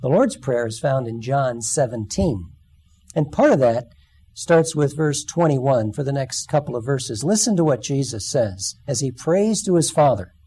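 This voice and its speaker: A man's voice: mid-range voice, lively intonation, measured pace, warm tone, slightly rough. A man giving a sermon, telling stories and acting out the quoted lines. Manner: storytelling, acts out quoted lines. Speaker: speaker.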